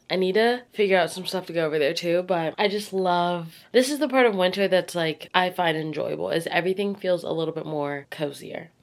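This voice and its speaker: A young woman talks to the camera from her bedroom in a loose, easygoing ramble. She fills her sentences with "like" and slips in quick laughs as she chats. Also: fairly low pitch. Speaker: vlogger. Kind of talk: casual chat to camera.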